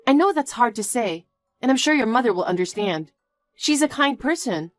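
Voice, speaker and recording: A woman's voice: a little high, expressive, normal speed, faint music behind, lightly acted. A woman voicing an earnest young fiancée. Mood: pleading. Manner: earnest, pleading, questioning. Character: young woman engaged, hurt but firm. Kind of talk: scripted story dialogue.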